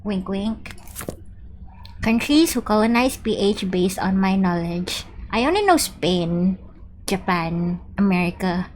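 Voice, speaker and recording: A woman's voice: mid-range voice, animated, unhurried, slight background noise. Chatty woman streaming a game. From Philippines. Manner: chatty, reads in-game text aloud. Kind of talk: live gameplay commentary.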